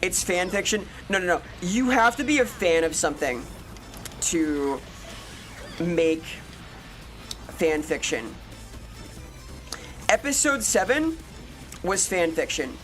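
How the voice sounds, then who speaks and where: A woman's voice: lowish voice, big pitch swings, takes it slowly, long pauses. A woman streamer chatting casually with viewers, ranting and swearing with exasperation over faint background music. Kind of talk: casual live-stream chat answering viewers.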